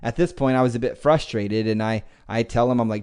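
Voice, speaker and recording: A man hosting a podcast, telling a motivational personal story in a lively, conversational way with casual swearing. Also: medium pitch, a little fast, smooth. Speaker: podcast host.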